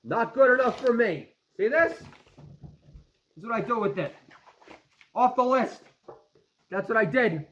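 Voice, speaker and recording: A man's voice: very high-pitched, lively intonation, slow, long pauses, fairly bright tone, slight background noise. A man in his forties ranting comically and self-mockingly about his food, with many fillers. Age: 40s. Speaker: vlogger dad. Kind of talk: comic rambling rant. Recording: echoey room, dull lo-fi sound.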